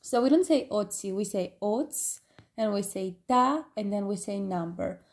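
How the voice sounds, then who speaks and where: A woman's voice: mid-range voice, expressive, normal speed, roomy sound. A woman giving an online language lesson, explaining patiently and stopping now and then with fillers. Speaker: language teacher.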